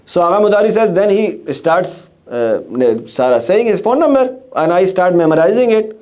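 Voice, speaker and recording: Delivering a storytelling sermon in a gathering hall, a middle-aged man speaks at normal speed in a high-pitched, darkish voice with lively intonation. He leans on rhetorical questions and often restarts his sentences.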